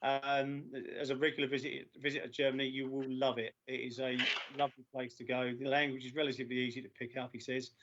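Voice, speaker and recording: A man chairing a formal council meeting over a video call, halting with many filler sounds and losing his voice. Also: medium pitch, flat delivery, a bit bright, slight background noise. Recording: dull lo-fi video call audio.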